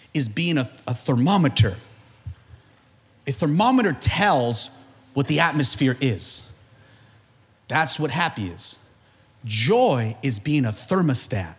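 A man preaching a sermon as pastor, building to shouts and joking with the congregation, calling out questions for them to answer. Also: medium pitch, big pitch swings, slow, pauses often. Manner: preaching with rising shouts and humor, call-and-response.

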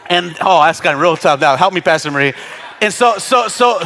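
A male pastor preaching a sermon, animated and often laughing as he acts out congregants' voices. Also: sits high, brisk, slight background noise.

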